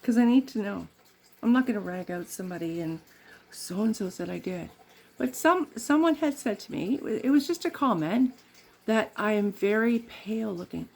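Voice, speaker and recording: A woman's voice: fairly high pitch, animated, normal speed, gravelly, a little mellow. A middle-aged woman from Canada chatting in a rambling way while doing her makeup, laughing often. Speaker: makeup vlogger.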